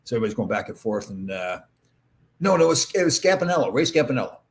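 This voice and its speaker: A man's voice: mid-range voice, very animated, fast talker, vocal fry. A man in his sixties, a former hockey player hosting a casual chat, telling rambling stories with many fillers. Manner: rambling anecdotal storytelling with fillers. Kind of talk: casual chat answering viewer comments.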